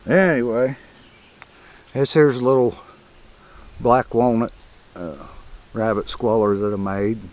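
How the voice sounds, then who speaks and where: A man's voice: mid-range voice, steady tone, slow pace, long pauses, noisy background. An older man, teaching coyote calling in a folksy, rambling, chuckling way. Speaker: coyote hunting instructor. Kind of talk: casual outdoor teaching.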